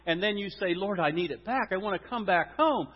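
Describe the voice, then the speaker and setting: A man preaching a sermon and leading prayer in a church, swinging from loud declarations to hushed, quiet prayer. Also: high-pitched, lively intonation, a little fast, husky. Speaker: pastor. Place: church sanctuary. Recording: dull lo-fi sound with long hall reverb.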